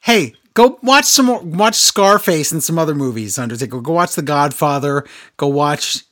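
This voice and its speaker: A man's voice: a little high, lively intonation, normal speed, fairly bright tone. Male podcast co-host, sarcastic and exasperated, casual recap delivery. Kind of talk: casual wrestling podcast chat.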